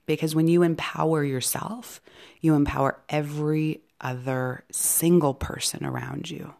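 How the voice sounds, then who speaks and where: A woman hosting an inspirational podcast, talking in an encouraging way and often dropping into soft, whispery asides. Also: sits low, steady tone, measured pace, vocal fry. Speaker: podcast host and psychic medium.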